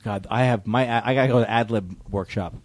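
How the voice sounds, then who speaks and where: A man's voice: on the low side, fairly quick, no echo. A middle-aged man, a comedian guest, chatting casually and jumping into mocking impressions. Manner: animated, jumps into mocking impressions.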